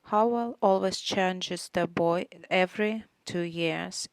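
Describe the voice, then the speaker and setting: A woman reading a novel aloud in a measured, even way. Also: on the low side, creaky, dry recording. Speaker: audiobook reader. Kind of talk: audiobook narration.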